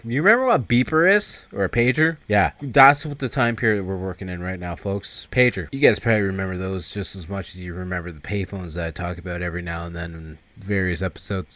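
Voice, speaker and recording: A man's voice: on the low side, a bit bright, no echo. A young man hosting a podcast, casually recapping a movie in a rambling, irreverent way and bursting into raised voices to act out quotes. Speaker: podcast host.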